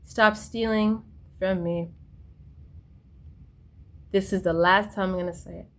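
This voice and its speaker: A woman's voice: mid-range voice, steady tone, slow pace. Rambling, insistent woman vlogger. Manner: repetitive, insistent, swings between loud bursts and near whispers; frequent fillers and restarts. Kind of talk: casual rambling monologue to viewers.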